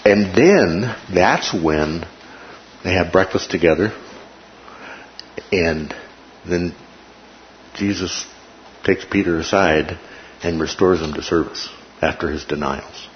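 A man hosting a casual Bible discussion, animated and laughing often as he acts out quotes. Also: low-pitched, slow, pauses often. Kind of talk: casual Bible study chat. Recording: dull lo-fi room recording with noise.

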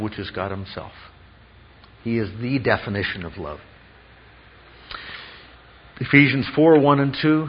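In a dull, lo-fi recording, a man with a slightly rough mid-range voice preaches an expository sermon as a pastor. His manner is that of a teacher, frequently pausing to pose rhetorical questions.

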